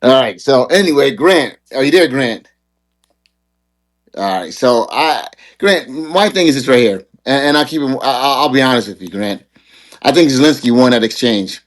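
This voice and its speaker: A man's voice: mid-range voice, animated, normal speed. A man hosting a live debate show, talking casually and repeating phrases as he makes his point. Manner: conversational, repeats phrases, stammers on restarts. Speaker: show host.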